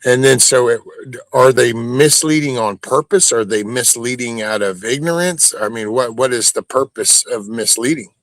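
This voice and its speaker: A man's voice: medium pitch, moderate pace, a bit bright, dry recording. A man hosting a livestream, ranting bluntly and profanely in a casual way. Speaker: livestream host.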